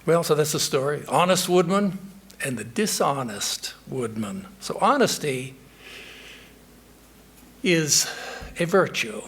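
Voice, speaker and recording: Slow, husky-voiced monk giving a sermon. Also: male voice, a little high, expressive, a bit bright. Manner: measured, reflective, with hesitations. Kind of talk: sermon with storytelling. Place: temple.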